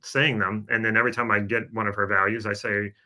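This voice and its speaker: Bright-toned man explaining on a podcast. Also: fairly low pitch, little pitch movement, quick pace. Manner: explanatory, coaching tone with frequent fillers. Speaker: podcast co-host. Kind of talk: casual podcast chat.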